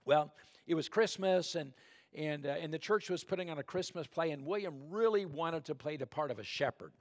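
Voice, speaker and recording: Soft-spoken storytelling pastor, higher voice. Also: male voice, moderate pace. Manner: conversational storytelling, addresses the congregation directly; drops to a soft, hushed tone when calling for prayer. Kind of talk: sermon.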